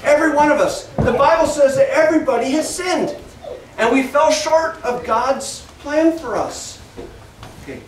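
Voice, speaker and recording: A man teaching a children's Sunday school class, telling a Bible story slowly and with animation and asking the children questions. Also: very high voice, animated. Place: church classroom. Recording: echoey room, distant mic, faint noise.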